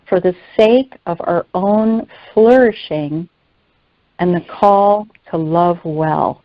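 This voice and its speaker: A woman reads a devotional teaching in an earnest, measured way. Her voice sits mid-range for a woman. The sound is dry and a little muffled. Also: medium pitch, no echo. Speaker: teacher on a faith call.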